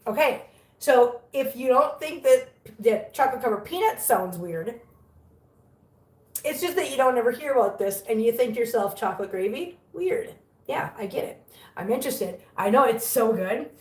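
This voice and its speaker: A woman's voice: a little high, animated, moderate pace, distant mic. A woman from the US, chatting casually to her live stream viewers and laughing often. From Southern US. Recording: roomy sound from off mic.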